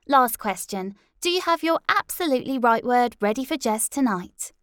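A woman voicing a pushy young female radio producer who shouts and hurries. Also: on the high side, expressive, moderate pace, no room sound, clean studio sound, pitched above the performer's own voice, close to an everyday voice. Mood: urgent. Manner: loud, shouting and hurrying.

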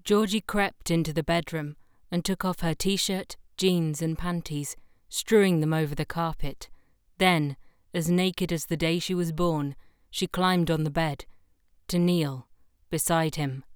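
Woman narrator, slow and measured, clear smooth tone; intimate fiction reading, dry booth sound. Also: deep voice, fairly even intonation, no room sound. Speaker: audiobook narrator. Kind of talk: scripted narration of adult fiction.

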